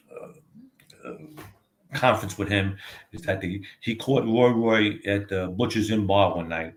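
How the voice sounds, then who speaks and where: An older man, telling stories as a guest, rambling and swearing freely. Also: on the low side. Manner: rambling, profane, many "you know what I mean". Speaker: guest, author. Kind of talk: casual storytelling.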